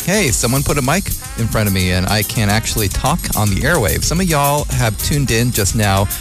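A man's voice: medium pitch, expressive, moderate pace, music in the background. A man hosting community radio in a casual, rambling, joking monologue, from the North Bay of California. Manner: rambling, joking, mocking voices of others.

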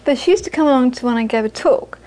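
British buddhist teacher lady, high voice, earnest talk w lots of repeating and laughing. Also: expressive, quick pace, warm tone. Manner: earnest, repeats phrases for emphasis, laughs often. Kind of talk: dharma talk to a live audience.

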